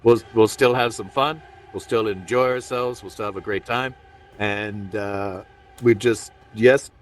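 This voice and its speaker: A man's voice: fairly low pitch, steady tone, unhurried, recorded from a distance. A man hosting a stand-up comedy show in a virtual reality room, rambling and self-deprecating, with many filler asides.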